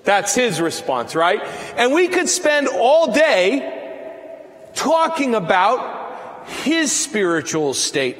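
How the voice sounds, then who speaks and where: A man with a high voice delivers a sermon at an unhurried pace, leaning hard on key words. His preaching swells toward near-shouts, and a long reverb from the church hall trails every phrase. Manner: slow, emphatic preaching that rises to near-shouts. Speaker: priest.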